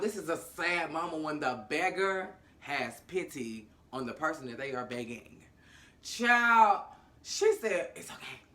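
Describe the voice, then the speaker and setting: Animated, slangy woman with a bright voice. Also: lowish voice. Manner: animated, acts out characters' lines in different voices; slangy and profane. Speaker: TV episode recap host. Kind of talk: casual storytelling recap.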